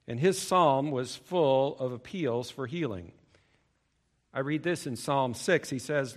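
A male preacher giving a sermon, emphatic, swinging between loud stressed phrases and low asides. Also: measured pace.

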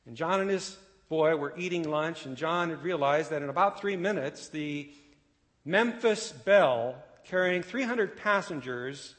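A man preaching a sermon, telling a story with dramatic swells that drop to a hushed close. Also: on the high side. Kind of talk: sermon illustration and closing. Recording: long church reverb with faint guitar. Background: soft guitar music.

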